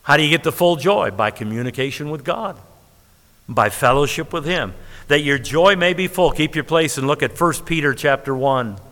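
A male preacher delivers an emphatic sermon in a bright, forceful voice pitched a little high. He stretches key words for weight and chuckles at his own points. His voice rings out with a long reverb, as in a church sanctuary. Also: expressive, normal speed.

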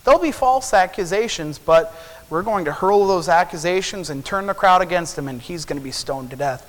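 A man voicing a scheming wicked queen in a high, shouting voice that mocks her, heard in a sermon. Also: lively intonation, moderate pace, big-room sound, poor audio.

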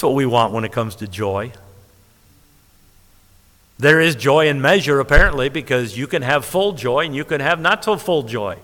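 A man preaching a sermon, emphatic and lively, stretching key words and laughing at his own points. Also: mid-range voice, moderate pace. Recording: long hall reverb.

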